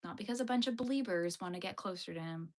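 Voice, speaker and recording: Fast and on the low side, this woman's voice comes from Yellowknife in Canada's far north, where she hosts a knitting livestream. She casually chats through viewer comments, laughing easily and saying "like" a lot.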